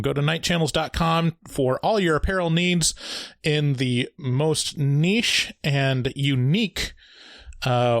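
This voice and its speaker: A man's voice: on the high side, fairly bright tone, no room sound, studio quality. A man co-hosting a horror movie podcast, reading show announcements and sponsor plugs in an easygoing way. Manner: easygoing, reads plugs and listings. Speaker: podcast co-host. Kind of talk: casual chat and show announcements.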